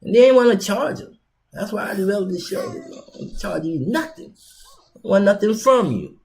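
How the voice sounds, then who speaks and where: Slight background noise sits under this show host's voice, which is high, expressive, gravelly and darkish in tone at a moderate pace. His casual instructional monologue rambles and repeats itself, full of slang.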